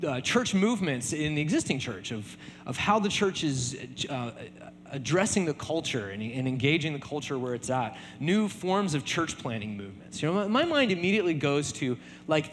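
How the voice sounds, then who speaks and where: Male pastor, conversational sermon, animated pitch, somewhat high voice, reverberant hall. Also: a little hiss or hum. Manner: conversational, many fillers and repeated tag questions.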